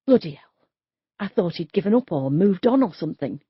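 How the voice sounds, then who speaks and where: A woman's voice: lowish voice, very animated, brisk, slightly rough, no echo, muffled recording, full character voice. A woman voicing a blunt, gossipy middle-aged street worker, in an audiobook. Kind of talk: audiobook character voice.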